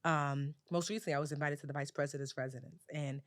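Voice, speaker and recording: A woman being interviewed as a personal finance expert, telling lively stories in casual chat with lots of fillers. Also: deep voice, quick pace, dry recording, clean studio sound. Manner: animated, lively storyteller with many "like"s.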